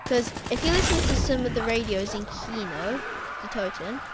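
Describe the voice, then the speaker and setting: A fairly high-voiced woman rambling through game theories in a loose, casual way, stopping to correct herself mid-thought. Loud gunfire and game noise run steadily underneath her voice. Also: animated, moderate pace. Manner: rambling, self-correcting, speculative. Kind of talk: casual game-lore vlog commentary. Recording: game gunfire playing behind.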